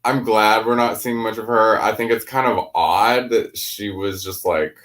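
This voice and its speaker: Slow, low-voiced man chatting about movies. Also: steady tone, fairly bright tone. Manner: chatty, leans on "like". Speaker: podcast co-host. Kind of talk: casual movie discussion.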